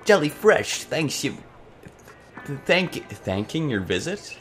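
A man's voice: on the high side, very animated, slow, a bit bright, faint music behind, pitched above the performer's own voice, heavily acted. A man voicing a jellyfish shop clerk in a put-on Brooklyn accent, speaking in stilted, garbled English. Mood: chirpy.

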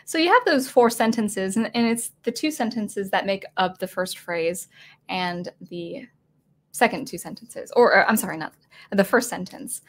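In a casual video lesson at home beside her digital keyboard, a woman teaches music composition in a mid-range voice at a moderate pace. She thinks aloud with lots of fillers and restarts, and her throat is getting dry.

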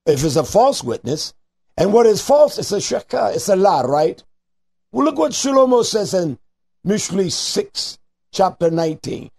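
A man preaching on a call-in radio show, fiery, swinging from near-shouts to low, slow scripture reading laced with Hebrew terms. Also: creaky, breathy edge. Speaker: radio preacher taking calls.

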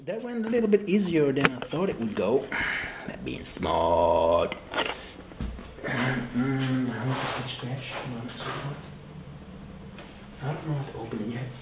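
A man's voice: mid-range voice, sing-song, unhurried, long pauses, heavy background noise. A man giving a casual, rambling unboxing commentary, muttering to himself and swearing freely. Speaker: tech vlogger.

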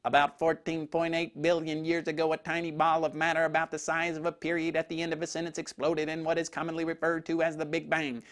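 A man voicing a schoolboy who recites a textbook answer briskly. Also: on the high side, completely flat delivery, fairly bright tone, pitched below the performer's own voice, close to an everyday voice. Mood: reciting.

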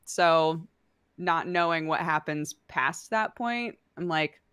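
A woman's voice: sits low, slow, fairly bright tone, clear, resonant tone, no room sound, clean studio sound. A woman co-hosting a podcast, chatting casually with many fillers and laughing asides. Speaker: podcast co-host. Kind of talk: casual chat.

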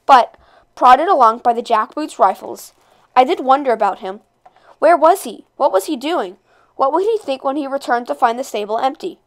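Smooth-voiced woman reading a novel aloud. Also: fairly high pitch. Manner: expressive, with occasional slips and rereads. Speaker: read-aloud narrator.

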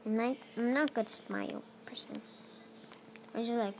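High-voiced kid rambling through a game. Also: female voice, wildly swooping pitch, normal speed, gravelly, noisy background. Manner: rambling, self-talking while playing, non-native phrasing. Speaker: let's play creator. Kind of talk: casual gameplay commentary.

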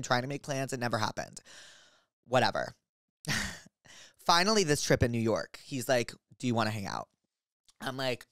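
A man's voice: medium pitch, smooth, no room sound, studio quality. A young man hosting a podcast, telling a story in rambling casual chat full of "like". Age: young adult. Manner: rambling, animated, heavy use of filler "like". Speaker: podcast host.

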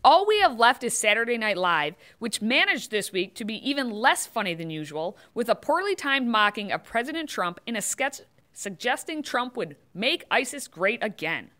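A woman's voice: fairly high pitch, very animated, moderate pace, bright, forceful tone. A woman hosting scripted political commentary, delivering it with sarcastic, mocking asides.

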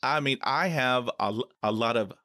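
A man hosting an interview, talking with a stutter, with frequent repeated sounds and easy laughter. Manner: stutters with blocks and repetitions, laughs often; slow, animated, pitch jumps when laughing. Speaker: podcast host. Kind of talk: conversational interview.

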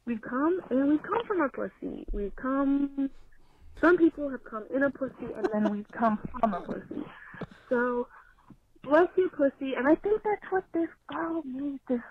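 A young woman calling in to tell a rambling, profane story, excitable and loud. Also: high-pitched, unhurried. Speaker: caller. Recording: tinny phone line with faint hiss.

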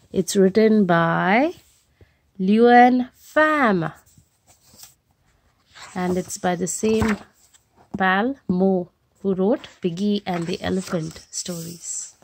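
A woman reading a picture book aloud to children, gently explaining the pictures as she goes. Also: medium pitch, very slow, gravelly, pauses often, no echo. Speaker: storyteller.

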